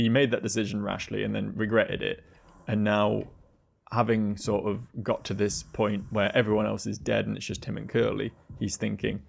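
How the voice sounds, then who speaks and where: A man with a low, heavily gravelly voice gives casual let's play commentary. His tone is husky and rough as he thinks out loud, piecing the story together with the odd curse word. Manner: thinks aloud, swears casually.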